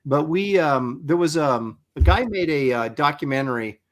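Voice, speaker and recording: A man's voice: a little high, lively intonation, moderate pace, slight background noise. Chatty middle-aged man, rambling. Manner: rambling storyteller with many fillers and restarts. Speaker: co-host of a crowdfunding livestream. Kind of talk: casual chat. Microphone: video call.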